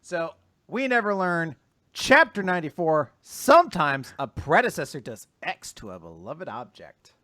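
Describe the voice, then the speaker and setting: A man with a bright, fairly high voice that swings widely in pitch, co-hosting a casual recap chat. He is animated, laughs often and jumps into exaggerated character voices. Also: a little slow. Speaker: podcast co-host.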